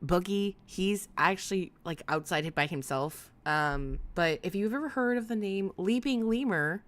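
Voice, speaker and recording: A woman's voice: lowish voice, unhurried. A woman hosting a casual livestream, talking in a sarcastic, rambling way and swearing now and then. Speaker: livestream host.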